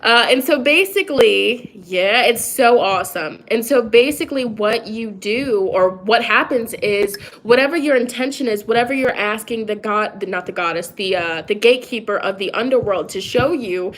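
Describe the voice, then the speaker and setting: Chatty, rambling higher-voiced woman. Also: normal speed, few pauses. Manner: rambling and candid, with many fillers and laughs. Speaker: psychic and tarot reader vlogging. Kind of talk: casual personal chat to viewers.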